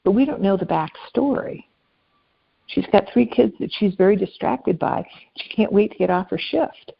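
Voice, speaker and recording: A woman guest telling personal stories in an earnest, conversational way, dropping softly at tender moments. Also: medium pitch, animated, normal speed, vocal fry, lo-fi sound, a little hiss or hum. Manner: earnest, anecdotal, speaks softly at emotional moments. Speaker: podcast guest. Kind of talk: conversational storytelling.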